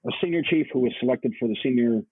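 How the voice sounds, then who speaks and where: A male podcast co-host chatting in a halting, earnest way, often repeating words as he gets emotional. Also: medium pitch, no room sound. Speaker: podcast co-host, Navy chief. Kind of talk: casual chat. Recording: husky voice over a tinny phone-like line.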